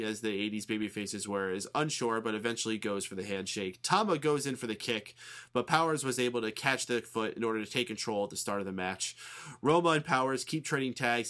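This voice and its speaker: A man co-hosting a podcast, casually recapping a match with quick asides and the odd swear word. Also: mid-range voice, a bit bright. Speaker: podcast co-host recapping wrestling.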